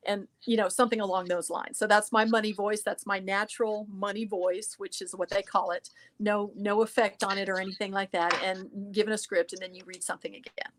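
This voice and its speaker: A woman, a voice-over actress, talking as a lively and emphatic interview guest over a video call. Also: mid-range voice, fairly quick, hardly any pauses. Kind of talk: casual interview talk.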